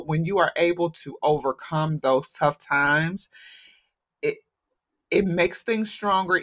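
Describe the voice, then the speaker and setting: A woman's voice: deep voice, fairly bright tone. A woman hosting a podcast, talking frankly and casually, with some swearing. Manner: frank and plainspoken, with mild cursing. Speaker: podcast host.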